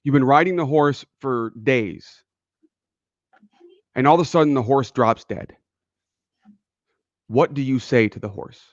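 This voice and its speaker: An earnest man co-hosts a casual motivational chat, mid-pitched and telling stories while voicing the people in them. The sound is dry and a little dull. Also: measured pace, pauses often, no room sound. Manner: earnest, storytelling, acts out quoted people. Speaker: podcast co-host.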